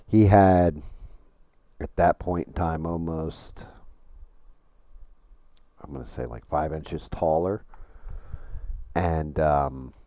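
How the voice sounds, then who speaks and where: A middle-aged man with an extremely low, dark voice, chatting on a live game stream. He swears often and tells long, rambling stories full of restarts. The sound is dry and close. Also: dry recording. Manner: profane, storytelling, rambling with restarts. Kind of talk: casual live-stream chat while gaming.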